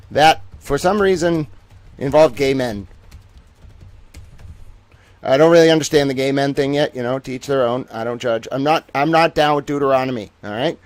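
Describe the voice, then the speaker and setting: A man hosting an independent news livestream, reading through court documents with excitable, profane commentary that swings between loud outbursts and low muttering, and slowing right down for the big reveals. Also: no room sound. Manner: slow, drawn-out announcer-style delivery for the big reveals. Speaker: independent journalist and show host.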